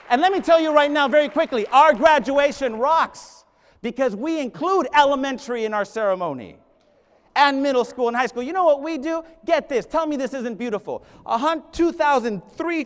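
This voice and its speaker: A middle-aged man, a native Spanish speaker, giving a lively keynote speech as a school leader, telling stories and rallying the crowd. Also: extremely high pitch. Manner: animated, rallying the crowd, storytelling. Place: large conference hall. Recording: echoing hall reverb.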